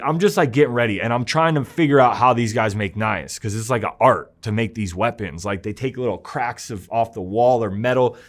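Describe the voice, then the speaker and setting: Speaking in a mid-range voice, a young interview guest shares a rough episode from his life in relaxed talk. He performs the voices he's quoting, and his volume swings between hushed and loud.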